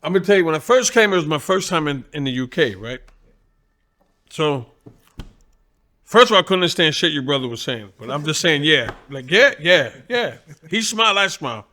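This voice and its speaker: A man with a New York accent, a boxing trainer and guest telling profane, animated stories in casual talk. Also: fairly high pitch, fairly quick. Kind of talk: casual storytelling.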